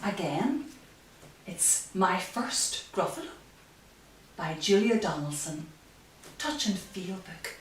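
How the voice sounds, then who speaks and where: A woman community librarian reading a children's story aloud in an expressive storytelling manner. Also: lowish voice, recorded from a distance, a little hiss or hum. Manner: slow, lively, expressive storytelling. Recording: echoey room, voice from off-mic.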